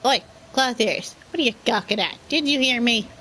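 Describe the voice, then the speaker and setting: A woman voicing a gruff, bossy male skeleton pirate captain who talks in salty pirate slang. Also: on the high side, animated, moderate pace, pushed and bright, rough recording.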